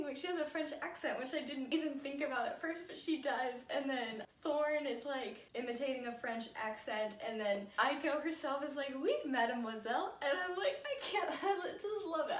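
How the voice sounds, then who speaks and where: A woman's voice: sits high, distant mic. A woman chatting casually about a book she loves, bubbly and gushing, with lots of fillers, in a room at home. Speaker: book reviewer. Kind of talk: casual book review chat. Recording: echoey room, mic set back.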